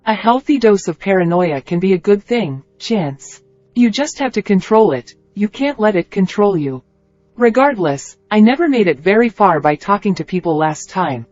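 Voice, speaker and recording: A man's voice: high-pitched, expressive, moderate pace, a little mellow, no room sound, highs cut off, soft background music, pitched above the performer's own voice. Q, a man voicing a wary young rebel woman. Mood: knowing.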